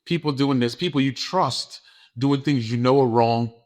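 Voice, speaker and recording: Earnest New man, mid-pitched. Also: normal speed. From New York. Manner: earnest, repeats words, gets emotional. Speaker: school principal, guest. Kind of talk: casual interview talk.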